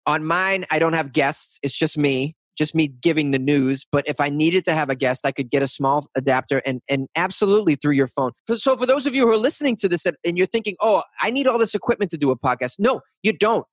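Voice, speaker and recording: Rambling, animated man with a fairly high voice. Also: fairly quick, hardly any pauses, no echo. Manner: rambling, animated, restarts often. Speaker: podcast guest, weird news podcaster. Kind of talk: casual interview talk.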